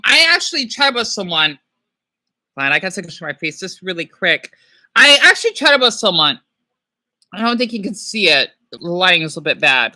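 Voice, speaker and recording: A man hosting a casual livestream, rambling and excitable, often apologizing as he talks. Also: very high voice. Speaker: livestream host.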